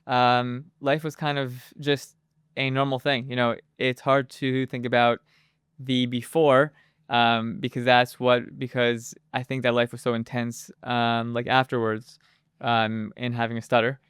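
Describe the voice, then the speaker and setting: A man talks as an interview guest, halting and stacked with fillers and restarts. His voice is very clear and resonant, held to a narrow, even pitch. The sound is dry and close, with no room around it. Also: dry recording. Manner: hesitant, with many fillers and restarts. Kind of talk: casual interview talk. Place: moved to Israel as an adult.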